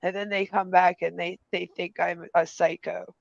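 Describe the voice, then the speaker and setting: A woman with a gravelly, creaky voice rants furiously in an online commentary stream, swearing at every turn and mimicking her critics. The sound is dull and lo-fi, close and completely dry. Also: on the low side, little pitch movement, moderate pace, no echo. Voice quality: heavy swearing, mocking impressions of critics. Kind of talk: angry ranting commentary.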